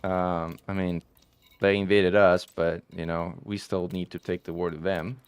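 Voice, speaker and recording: This game streamer speaks unhurriedly in a low, clean voice with a level tone, recorded dry. Chatting with his live viewers, he rambles and corrects himself along the way, filling gaps with "um" and "like."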